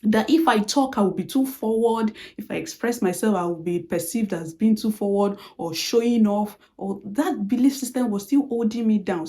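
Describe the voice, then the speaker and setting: A woman telling a personal story in a motivational talk, acting out the lines of the people she quotes. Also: mid-range voice. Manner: animated storytelling, acts out quoted dialogue. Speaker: motivational speaker.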